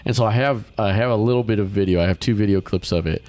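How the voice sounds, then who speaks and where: A man hosting a podcast, telling a story in casual chat and acting out the people in it with sudden high-pitched quotes. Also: fast talker. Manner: animated storyteller, acts out quotes with big pitch jumps. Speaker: podcast host.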